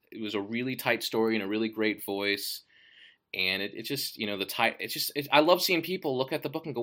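Profane, rambling man with a bright voice. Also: fairly low pitch. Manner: enthusiastic. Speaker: author. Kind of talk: casual monologue.

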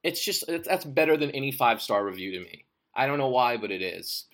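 A man's voice: medium pitch, lively intonation, quick pace, fairly bright tone. A man, an author, talking about his writing in a casual monologue, swearing often and rambling enthusiastically. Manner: profane and rambling.

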